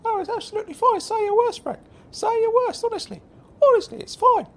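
Squeaky helium-high voice, mild stammering fellow, sing-song audio sitcom character. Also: male voice, animated, fairly quick. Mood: egging on. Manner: mild, stammering, good-natured. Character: grown man with a squeaky high silly voice.

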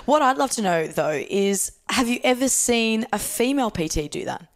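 A woman's voice: fairly high pitch, animated. A woman with an Australian accent, a podcast guest in casual chat who laughs easily. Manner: chatty, quick to laugh.

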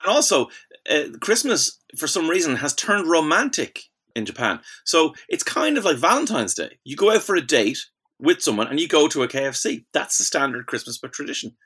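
A man's voice: fairly high pitch, very animated, a little fast, a bit bright, husky. A man hosting a comedy podcast, telling stories in an enthusiastic, casual way and laughing often. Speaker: podcast host.

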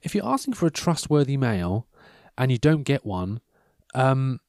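A man's voice: medium pitch, sing-song, normal speed, a little mellow, no echo, studio quality. A man hosting a casual monologue, reading out personal ads with wry, rambling commentary into a microphone. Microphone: handheld or desk microphone.

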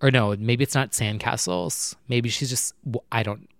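A man's voice: mid-range voice, steady tone, moderate pace, dry recording, clean studio sound. A man hosting a casual solo podcast chat, rambling with lots of fillers and poking fun at himself. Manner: rambling, filler-heavy and self-mocking. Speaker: podcast host. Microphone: home recorder.

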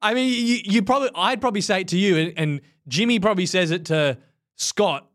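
A man with an Australian accent, his voice sitting a little higher than most men's. He talks in a relaxed, chatty way, laughing through his sentences as he co-hosts a casual podcast. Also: a little fast. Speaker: podcast co-host. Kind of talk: casual chat.

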